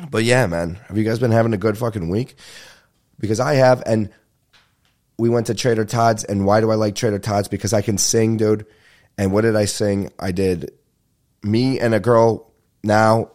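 A young man riffs through a solo podcast in a loose, rambling way. His voice sits on the low side, and he tends to rush his words and swear freely. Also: fairly even intonation, darkish tone. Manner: rambling, swears casually, fast-talking. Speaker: podcast host. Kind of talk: casual solo podcast chat.

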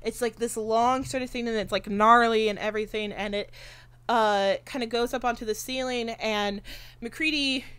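Casting note: young woman, slightly high voice, dry close sound, loose chatty recapper who swears a lot. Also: steady tone, moderate pace, a bit bright, clean tone, no room sound. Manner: rambling recap, heavy filler words and swearing. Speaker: podcast co-host. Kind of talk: casual movie-discussion chat.

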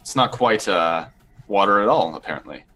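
Man, tabletop player, very low pitch, deliberate, thinks aloud. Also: animated, sharp tone. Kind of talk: playing a tabletop game.

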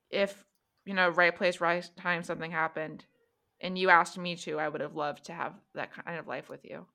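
A woman voicing a weary, regretful monster hunter who speaks in halting, hesitant confessions. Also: on the low side, sharp tone.

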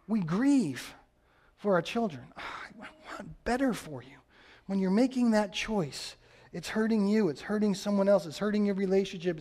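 A man's voice: high voice, a little mellow. A male pastor preaching a sermon in a conversational way, repeating phrases for emphasis.

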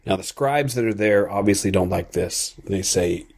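A man with a low, warm and slightly husky voice gives a reflective devotional talk. He speaks earnestly and thoughtfully as a podcast host. His pace is unhurried.

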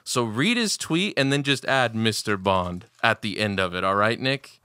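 A man's voice: lowish voice, expressive, normal speed, sharp tone, smooth, dry recording. A man hosting a casual podcast, joking and teasing his co-hosts. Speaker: podcast host. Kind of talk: casual banter.

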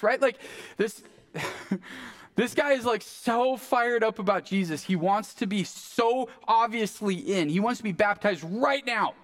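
Brief: high-pitched man preaching casually, conversational sermon. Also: animated, measured pace, fairly bright tone. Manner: casual, conversational, frequent "like" and "right?". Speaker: pastor.

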